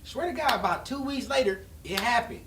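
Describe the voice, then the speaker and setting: Fast, high-pitched man telling stories. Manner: animated, loud bursts, many restarts. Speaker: podcast guest. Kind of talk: casual storytelling chat. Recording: roomy, distant mic, faint noise.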